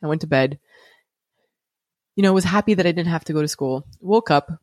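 A woman's voice: sits low, a little fast, darkish tone, no room sound, studio quality. A woman hosting a podcast, telling a personal story in a candid, conversational way with restarts. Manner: candid and conversational, with frequent restarts and light laughs. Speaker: podcast host and parent.

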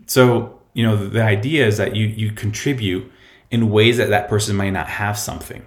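Here a man hosts his own podcast from a home room with a roomy sound, talking loosely with plenty of fillers and false starts. His lowish voice has fairly even intonation at a moderate pace, and he comes across as a little out of breath.

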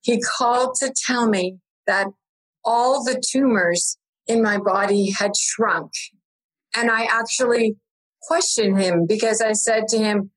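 A woman's voice: mid-range voice, fairly even intonation, measured pace, breathy edge, rough recording. A woman chatting as a guest, upbeat, laughing often and acting out the dialogue in her stories. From Canada. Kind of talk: casual chat.

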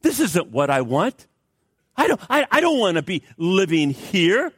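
A man's voice: sits high, sing-song, a little slow, slightly rough, no echo, studio quality, voice pushed up, full character voice. A man retelling the words of a tearful widow, speaking earnestly in her voice during a sermon. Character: grieving widow who found her way back.

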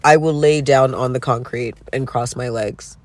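A man from Canada telling a casual, profane story in an animated, self-mocking rant. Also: medium pitch, moderate pace, dry recording. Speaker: vlogger. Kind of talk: casual ranting monologue.

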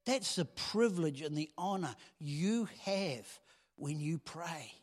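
A man preaching a sermon in a conversational way that swells into loud emphasis. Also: fairly high pitch, expressive, takes it slowly. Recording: long hall reverb.

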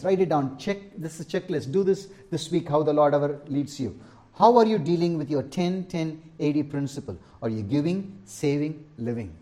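A man's voice: mid-range voice, mellow. A middle-aged man, preaching a sermon as pastor, stressing and repeating key lines and asking the congregation for an "Amen?".

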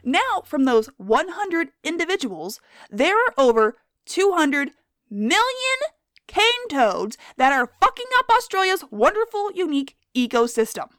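A woman hosting a scripted, comedic wildlife lesson, theatrical and profane, who spells words out loud. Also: high-pitched, big pitch swings, unhurried, no echo, studio quality. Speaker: science video host.

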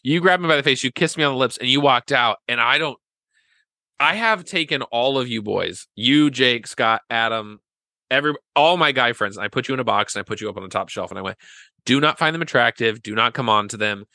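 A young man, a podcast guest, telling animated stories in casual chat and acting out his own past lines. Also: medium pitch, brisk, gravelly, no echo. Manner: animated storytelling, acts out his own past words in whispers.

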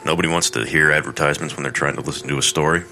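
Deep-voiced crude comedic male storyteller. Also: steady tone, very fast, sharp tone, faint music behind. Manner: irreverent, crude asides and mock voices. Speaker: podcast host and narrator. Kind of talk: comedic horror story narration.

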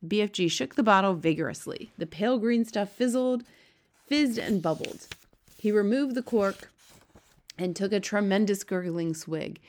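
A woman narrating a children's storybook aloud in a steady, expressive read-aloud manner. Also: mid-range voice, moderate pace. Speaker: audiobook reader.

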